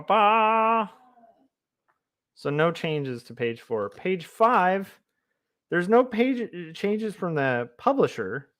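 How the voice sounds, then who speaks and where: A man, a comic artist, chatting casually on a livestream in a rambling, self-amused way. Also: a little high. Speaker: comic artist streaming his work.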